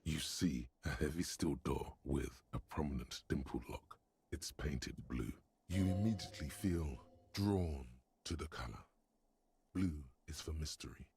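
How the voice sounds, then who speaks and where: A man voicing a brooding disembodied narrator in a video game, speaking in a slow, measured, literary way. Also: a little mellow, dry recording, exaggerated voice. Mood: solemn. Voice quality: very deep and gravelly. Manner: slow, measured descriptive delivery.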